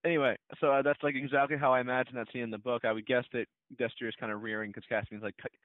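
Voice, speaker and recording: A man's voice: mid-range voice, level tone, racing, no echo. A man co-hosting a casual chat, rambling a little, with many fillers and short laughs. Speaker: podcast co-host. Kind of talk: casual chat about a film trailer. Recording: dry, tinny phone-like sound.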